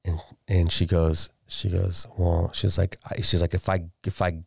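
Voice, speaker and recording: A man's voice: sits low, level tone, normal speed, creaky, a little mellow, slightly rough, no room sound, clean studio sound. A middle-aged man in his forties, a podcast guest, telling a family story in casual chat, restarting and repeating words as he goes.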